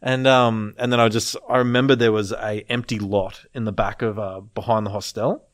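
A man telling a wild story in casual chat, animated, swearing freely and laughing as he goes. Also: on the low side, moderate pace, no echo, clean studio sound.

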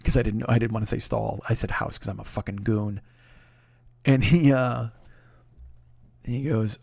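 A podcast host, a man, telling a comic personal story in a profane, animated way, dropping to a hush for re-enactments and rising in exasperation. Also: mid-range voice, brisk, creaky, no room sound, clean studio sound. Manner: profane, animated, swings between hushed re-enactment and loud exasperation.

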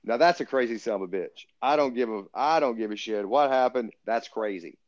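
A man's voice: medium pitch, fairly quick, no echo. A man co-hosting a podcast, speaking bluntly and profanely in casual sports chat. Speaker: podcast co-host. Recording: dull lo-fi dry sound.

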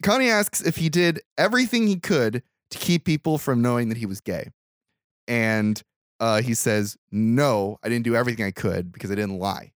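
In a clean studio recording with no room sound, a male podcaster with a mid-range voice walks through a film one scene at a time at a moderate pace. It's an easygoing recap, complete with voiced character lines and casual cursing.

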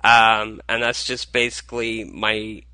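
A tired man hosting a casual solo podcast, talking in a halting way with many fillers and restarts. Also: on the low side, flat delivery, pushed and bright, clean tone, no echo, poor audio. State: tired, low on energy. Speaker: podcast host.

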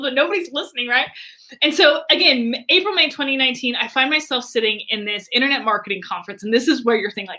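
A high-pitched woman with a bright, forceful tone tells a story as an interview guest. She talks in a chatty, expressive way, scattering "like" through her sentences. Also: quick pace. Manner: chatty, frequent filler "like", expressive. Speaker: entrepreneur and podcast guest. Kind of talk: animated storytelling in conversation.

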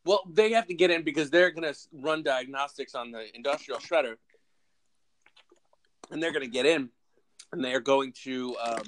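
A man's voice: mid-range voice, moderate pace, long pauses, slight background noise, low-quality recording. A man casually retelling a film's plot on a remote podcast call, swearing freely as he tells it. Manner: animated storyteller, swears freely. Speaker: podcast co-host. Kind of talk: casual movie recap chat.

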